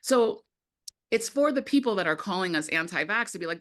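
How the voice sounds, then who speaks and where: A woman filmmaker talking casually in an interview, animated and quick to act out what others said, with many "like" fillers. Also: mid-range voice. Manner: animated, acts out quoted voices, many "like" fillers. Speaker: documentary filmmaker, guest.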